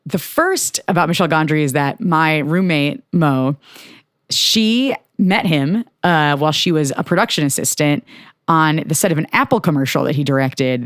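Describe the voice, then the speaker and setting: A young adult woman guesting on a podcast, telling anecdotes casually, full of fillers, jumping up in pitch when she quotes people. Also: no room sound, clean studio sound. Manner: chatty storyteller, filler-heavy, voices her quotes in high pitch.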